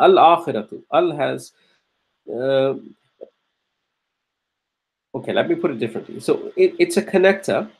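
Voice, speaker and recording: A man teaching Quranic Arabic grammar, explaining step by step with frequent restarts and throat-clearing, and chanting verses between explanations. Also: a little high. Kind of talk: grammar lesson.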